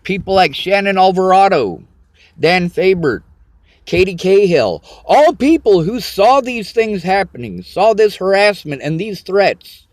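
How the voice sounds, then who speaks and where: A man's voice: high-pitched, lively intonation, measured pace, a little mellow, no room sound. A man venting to camera in an agitated, profane, repetitive rant. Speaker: vlogger. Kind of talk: angry personal rant to camera.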